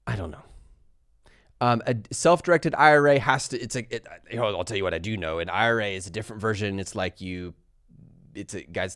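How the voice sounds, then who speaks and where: A young man hosting a live stream, chatting fast and laughing as he answers viewer questions. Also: lowish voice, no room sound, clean studio sound. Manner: fast-talking. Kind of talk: live Q&A chat.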